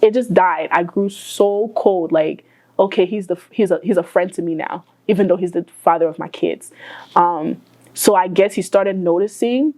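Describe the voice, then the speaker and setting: A woman's voice: on the low side, normal speed, darkish tone, poor audio. A woman who is a guest in an interview, telling her story in an emotional, casual way with many fillers.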